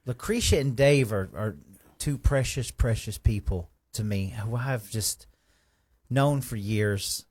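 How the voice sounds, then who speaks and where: A man hosting a live stream, giving folksy, rambling shout-outs to viewers. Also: mid-range voice, takes it slowly, breathy edge. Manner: effusive, folksy, rambling with restarts.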